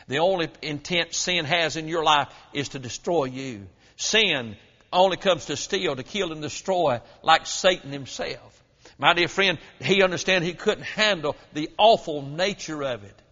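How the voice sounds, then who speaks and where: A man preaching a sermon, telling stories in a folksy way that swings from loud to hushed. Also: fairly high pitch. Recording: muffled, reverberant hall.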